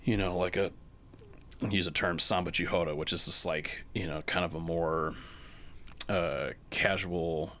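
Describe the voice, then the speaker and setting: Casual male guest, deep-pitched, loose and chuckly storyteller. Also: steady tone, a little slow, sharp tone. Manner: rambling, laughing, heavy on fillers. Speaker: guest percussionist.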